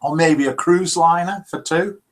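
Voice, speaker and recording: A man hosting a live call-in show, in a jokey, lively manner, chatting and reading out listener messages. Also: on the high side, a little slow.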